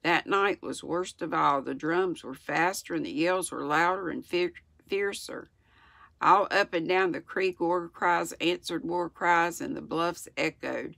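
A woman in her sixties with a Southern US accent, reading a children's book aloud in a gentle, unhurried way with small slips. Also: fairly low pitch, vocal fry, dry recording, studio quality. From United States. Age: 60s. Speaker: channel host reading aloud. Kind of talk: storybook read-aloud.

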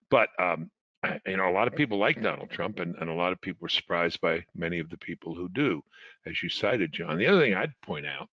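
A man on a political panel speaking deliberately and hedging with frequent ums. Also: sits low, bright, forceful tone, no room sound. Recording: dry, muffled lo-fi audio.

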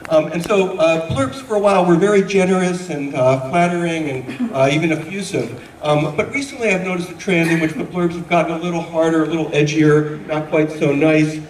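A man reads his poems at a college event, pausing with ums and uhs and slipping in dry humor. His voice is on the higher side for a man. The room is echoey, he is recorded from a distance, and there is faint noise underneath. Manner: hesitant, with dry humor and many fillers. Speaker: poet. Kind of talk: poetry reading.

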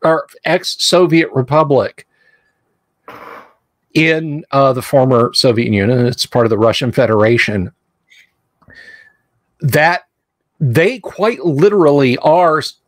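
A man co-hosting a casual chat, halting and repeating words as he works through his thoughts. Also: medium pitch, expressive, no echo.

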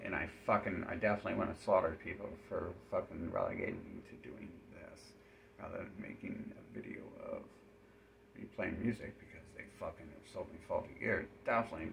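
A man's voice: lowish voice, gravelly, a bit bright, slight background noise. A man speaking in a rambling, profane, run-on monologue.

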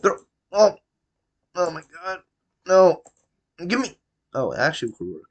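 A man narrating his gameplay in a casual let's-play, with a lively, bouncing pitch. He talks to himself with jokey wordplay and bursts into shouting at his game character. He sounds excitable and self-amused. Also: unhurried. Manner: excitable, yelling at the game character between mumbled asides. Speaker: gameplay commentator.

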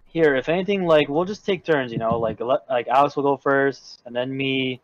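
A man's voice: medium pitch, normal speed. Joking man on a lo-fi podcast. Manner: loose, joking, throws in silly voices. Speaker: podcast co-host. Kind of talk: casual comedic chat, reading comics aloud. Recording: dull lo-fi recording.

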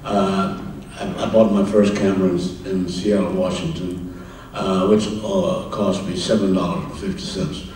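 Older man, low voice, distant in an echoing hall. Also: steady tone, a little mellow, slight background noise. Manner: anecdotal, chuckling, halting with fillers. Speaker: interview guest. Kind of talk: live stage conversation, storytelling. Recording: roomy, distant mic in a hall.

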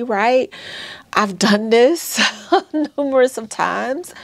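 A woman's voice: medium pitch, gravelly, no echo. A woman in her thirties telling a painful personal birth story straight to her viewers, earnest and candid. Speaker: vlogger sharing a birth story.

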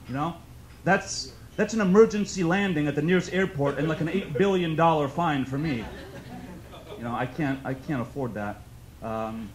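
A man's voice: mid-range voice, a little hiss or hum. Young man doing a stand-up set. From New York. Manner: conversational storytelling, bursts into loud shouted outbursts. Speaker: stand-up comedian. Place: comedy club stage.

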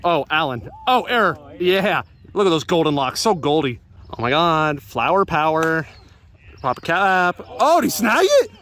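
A man vlogging from an outdoor softball field, joking with teammates and yelling at big plays. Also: fairly high pitch, expressive, measured pace. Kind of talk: excited play-by-play banter.

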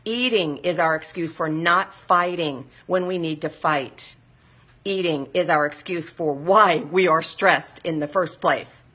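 Husky, bright-voiced woman coaching listeners. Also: low voice, measured pace. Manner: direct, coaching, with frequent check-ins to listeners. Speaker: weight-loss counselor hosting a live show. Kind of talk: live motivational talk.

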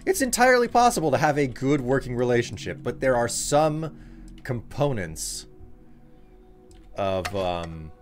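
A man's voice: medium pitch, big pitch swings, unhurried. Streamer guy, jokey rambling chat, faint music behind. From United States. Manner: joking, rambling, talks to chat. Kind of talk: casual live-stream chat.

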